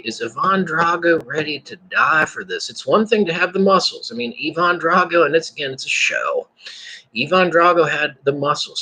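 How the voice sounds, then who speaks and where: A man speaks straight to his viewers in a loose, rambling monologue, doubling back and restarting his sentences as he goes. His voice is slightly high for a man, with a bright, forceful edge and a husky grain. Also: rough recording. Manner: rambling, repeats words and restarts, laughs to himself. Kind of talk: casual spoken monologue.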